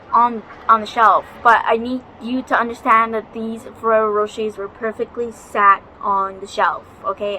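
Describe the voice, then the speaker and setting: A woman's voice: fairly high pitch, bright, forceful tone, a little hiss or hum, rough recording. A young woman vlogging at home, telling a ghost story in a chatty, dramatic way and swearing freely. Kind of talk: casual storytelling vlog. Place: home, near a balcony.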